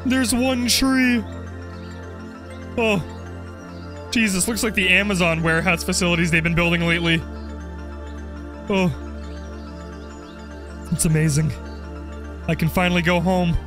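A young man commenting on his game play, joking and getting excited as he goes. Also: high-pitched, measured pace, pauses often, soft background music. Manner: jokey, excitable, role-plays as the character. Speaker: gaming video creator.

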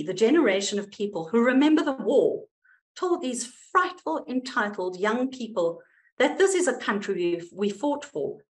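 Woman putting on a snobbish old village lady, prim, haughty, indignant, lively swooping pitch. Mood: bitter. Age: older.

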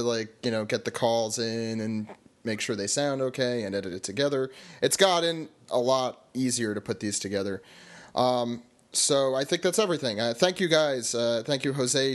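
A man hosting a podcast in casual chat, talking loosely with many filler words. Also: mid-range voice. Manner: loose, lots of uh fillers, wraps segments up. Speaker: podcast host.

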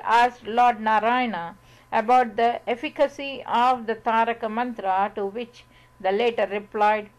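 A woman reading scripture aloud, measured and deliberate, pausing over long lists of sacred syllables. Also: a little high, poor audio. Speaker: scripture reader. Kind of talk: slow scripted recitation of scripture.

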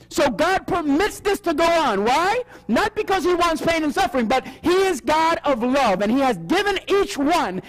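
High, lively-voiced male preacher. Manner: animated, asks the audience questions often; acts out quoted voices. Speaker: seminar preacher. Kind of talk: Bible prophecy sermon.

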